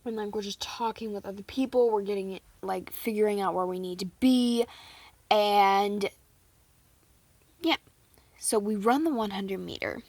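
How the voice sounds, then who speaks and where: A woman's voice: medium pitch, unhurried, pauses often, a little mellow, no echo. Chatty young woman, dry close sound. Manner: chatty, self-deprecating, with fillers. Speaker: vlogger. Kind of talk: casual recap.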